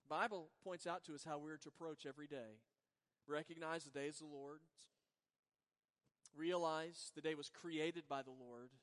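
A man preaching a sermon with a slightly raised voice, swinging from quiet, lingering words to firm emphasis. His voice carries a long reverb, like a big church sanctuary. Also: on the high side, steady tone, normal speed. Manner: earnest preaching, swings between soft and emphatic. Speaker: pastor. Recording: long reverb of a large hall.

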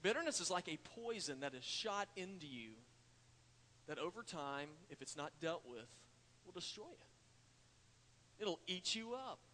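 A man's voice: sits high, lively intonation, moderate pace, bright, forceful tone. A man preaching a sermon, telling a folksy story and talking to the congregation as y'all. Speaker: pastor. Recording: church hall reverb.

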